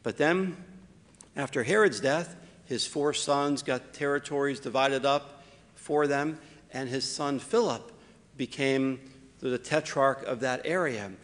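A man, a priest, preaching a homily with wry asides, slowing down to stress key points. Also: medium pitch, a bit bright, in a large hall. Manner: slows down for emphasis, wry asides.

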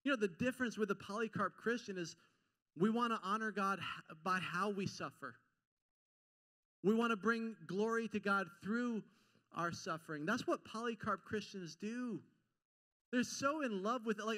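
A man with a high, bright voice preaches a sermon in a loose, conversational way. He is animated, slips into little acted-out quotes and pokes fun at himself. It sounds like a pastor talking to a church full of people. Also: moderate pace. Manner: animated and informal, acts out quotes, self-deprecating jokes. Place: church sanctuary before a congregation.

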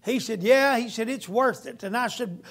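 A man's voice: very high voice, normal speed, a bit bright. A man preaching a sermon as a guest preacher, telling a story in a folksy storytelling way.

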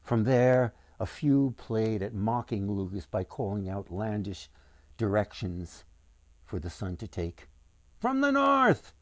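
Slow, expressive man reading a story. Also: on the low side, no room sound. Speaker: author.

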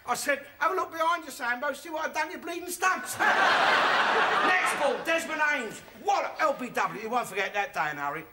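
Sitcom role: an older Cockney braggart, shrill and loud, over noisy tape with studio laughs. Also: male voice. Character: boastful bigoted old working-class Londoner. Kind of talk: sitcom monologue. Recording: sitcom recording with loud background noise and audience laughter.

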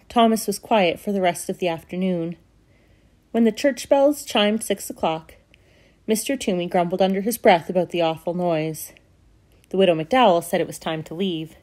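Woman reading a story aloud at church. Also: fairly low pitch. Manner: steady, expressive read-aloud.

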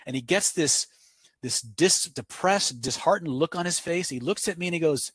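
A man's voice: on the high side, lively intonation, moderate pace, breathy edge, no echo. A man teaching a live webinar, answering viewer questions off the cuff and telling stories to make his points in a conversational way. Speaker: webinar instructor.

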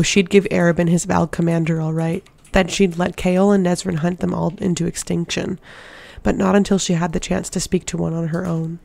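Gravelly-voiced fantasy audiobook narrator. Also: mid-range voice, no echo. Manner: steady, measured narration. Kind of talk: fan audiobook reading of a fantasy novel.

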